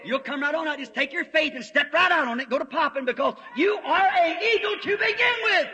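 A man voicing a mother eagle who shouts down to her chick from above, on an old lo-fi recording. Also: very high-pitched, lively intonation, fairly quick, background noise. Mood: urging. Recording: old lo-fi tape, long hall reverb.

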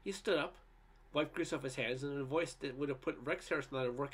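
A man's voice: medium pitch, fast talker, a bit bright, slightly rough. A man from Canada reading a humorous essay aloud, with frequent restarts and fillers. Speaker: reader.

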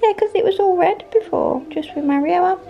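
A woman's voice: extremely high pitch, fairly quick, vocal fry, muffled recording, faint music behind. A woman, chatting to the camera at home while doing chores. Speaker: vlogger, mother. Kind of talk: casual vlog chat. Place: family home.

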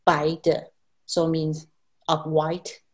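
Halting woman explaining language on a call. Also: deep voice, monotone. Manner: halting, many restarts, laughs at herself. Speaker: Chinese language teacher. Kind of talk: explanatory video call chat.

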